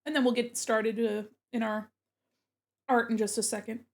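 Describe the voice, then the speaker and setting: A woman's voice: fairly high pitch, flat delivery, moderate pace, gravelly. A young woman streaming from home, chatting casually and giggling while she eats, with her mic set away from her face. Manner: giggly, chatty, talking with her mouth full. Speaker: art streamer.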